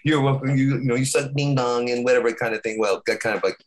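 A middle-aged man chatting casually as a podcast co-host, his pitch sitting right in the middle of the range. He rambles through his stories, stumbling and restarting often. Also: steady tone. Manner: rambling, halting storyteller with many restarts. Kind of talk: casual chat.

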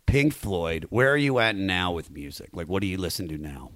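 A man from Maryland hosting a podcast, excitable and profane, chatting loosely and slipping into silly voices. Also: low voice, moderate pace, no room sound, clean studio sound. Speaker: podcast host. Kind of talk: casual chat.

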